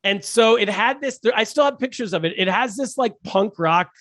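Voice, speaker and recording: A man, a stand-up comedian, telling animated, jokey stories as a podcast guest, with many restarts. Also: high voice, normal speed, no echo, studio quality. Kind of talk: casual podcast storytelling.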